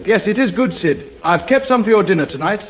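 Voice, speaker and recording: For an AI-voiced comedy sketch, a man portrays a self-pitying, pompous suburban gent who is quick to take offense. He speaks high-pitched with lively intonation, over dull audio.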